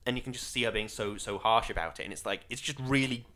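A male podcast co-host in casual film chat. He talks in loose, rambling runs and laughs often, with animated bursts. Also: mid-range voice, fast.

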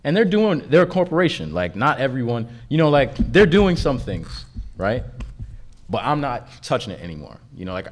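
A man's voice: mid-range voice, normal speed. Laid-back man telling stories on a panel. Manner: laid-back, laughs often, grows animated telling a story. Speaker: comics artist on a convention panel. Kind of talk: casual panel conversation, storytelling.

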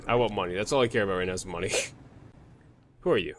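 A man's voice: deep voice, fast, pauses often, slight background noise. A man hosting a let's play, joking crudely and muttering names and numbers while he plays. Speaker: gaming channel host.

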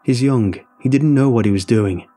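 A man doing a gruff, stern protector. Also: on the low side, moderate pace. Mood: pleading. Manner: scolding, commanding. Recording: soft music underneath.

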